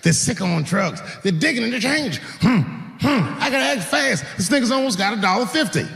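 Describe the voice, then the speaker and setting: Animated stand-up comic man in a hall. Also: high voice, fast, creaky. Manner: animated storytelling, voices and shouts. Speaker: stand-up comedian. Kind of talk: stand-up comedy set.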